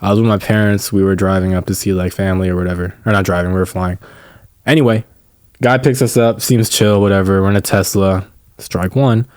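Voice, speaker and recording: A man's voice: sits low, fairly quick, smooth, no echo. Young man telling a story, swearing casually. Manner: animated storytelling, lots of swearing and "like". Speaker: podcast co-host. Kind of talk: casual chat.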